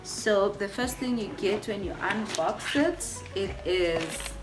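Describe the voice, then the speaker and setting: A woman's voice: medium pitch, takes it slowly. Gushing woman vlogger, music behind. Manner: gushing, repeats words, addresses viewers as guys. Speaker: beauty vlogger. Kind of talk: casual product unboxing.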